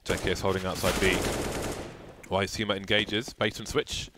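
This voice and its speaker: A man casting a live esports match, with excitable, jokey play-by-play. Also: sits low, fairly quick, noisy background. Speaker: esports caster.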